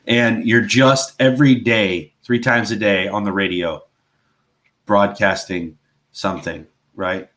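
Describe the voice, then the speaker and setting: A man's voice: fairly low pitch, steady tone, takes it slowly, a bit bright. A man co-hosting a casual faith talk show, speaking earnestly and rambling, with a constant "right?" and "you know". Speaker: podcast co-host.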